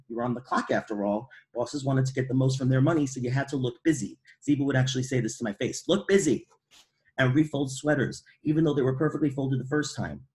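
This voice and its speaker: A middle-aged man from Brooklyn, reading aloud from his own memoir in a measured, wry, precise way. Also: mid-range voice, darkish tone. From Brooklyn, New York.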